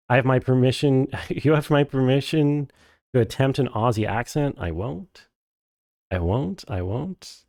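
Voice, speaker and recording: A man streaming a game, chatting casually and reading chat aloud in a rambling, deadpan, self-deprecating way. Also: mid-range voice, no room sound, clean studio sound. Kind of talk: casual live-stream chat while playing.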